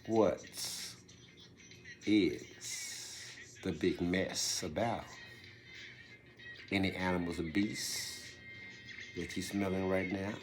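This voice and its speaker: Deep, slow man firing rhetorical questions. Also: steady tone, music in the background. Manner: fires off rhetorical questions, swinging between loud bursts and hushed whispers. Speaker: speaker delivering a monologue. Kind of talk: preachy rhetorical monologue.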